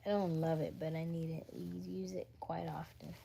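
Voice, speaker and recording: A woman's voice: low-pitched, level tone, moderate pace, vocal fry, warm tone, slight background noise. A woman with an East African accent hosting a live stream, chatting with viewers, reading their comments aloud and working through sums to herself. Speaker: livestream host. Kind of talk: casual live-stream chat.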